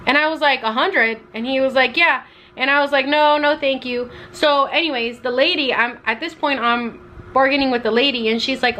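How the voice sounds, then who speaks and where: A woman's voice: sits high, normal speed, slight background noise. A young woman vlogger telling a travel story casually, acting out quotes and saying "like" a lot. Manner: animated, acts out quotes with lots of "like".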